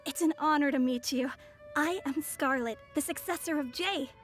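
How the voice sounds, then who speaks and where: A woman's voice: high-pitched, moderate pace, music in the background, natural voice. A woman voicing a poised, formal young messenger in a video game. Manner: formal, polite.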